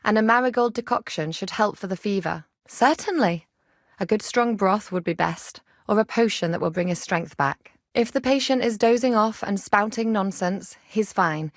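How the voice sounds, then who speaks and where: A woman's voice: medium pitch, normal speed, no room sound, clean studio sound, lightly acted. A woman playing a feisty young herbalist healer. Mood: matter-of-fact.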